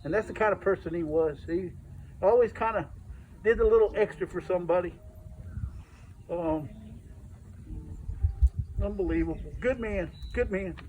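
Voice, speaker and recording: A man's voice: sits high, normal speed, long pauses, darkish tone, slight background noise, low-quality recording. A middle-aged man giving a eulogy for his father, telling stories and acting out the dialogue. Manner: anecdotal, acts out dialogue in quotes. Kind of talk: storytelling eulogy. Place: memorial service.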